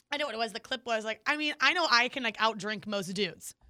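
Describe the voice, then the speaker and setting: A young woman talks fast and bright, giggling as she tells stories to her co-host. Her voice sounds close and dry, with no room around it. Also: on the high side, dry recording. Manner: chatty and giggly, quick storytelling. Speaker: podcast co-host. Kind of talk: casual chat.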